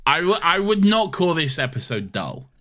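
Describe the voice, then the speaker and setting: A man's voice: a little high, big pitch swings, moderate pace, sharp tone. A man from Yorkshire with a Yorkshire accent, co-hosting a podcast in casual chat, blunt and often laughing. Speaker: podcast co-host.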